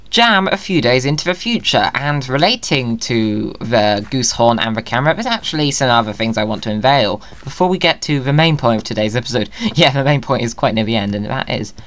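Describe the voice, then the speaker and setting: Playful lively man narrating a game. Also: mid-range voice. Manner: playful, jokey, talks to himself. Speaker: Minecraft video creator. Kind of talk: casual gameplay commentary.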